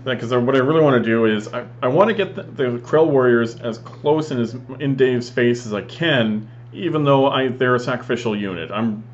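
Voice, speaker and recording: Relaxed man rambling through his game. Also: mid-range voice, lo-fi sound, a little hiss or hum. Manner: relaxed, rambling, halting restarts. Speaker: tabletop wargame player commentating his match. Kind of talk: voice-over game recap commentary.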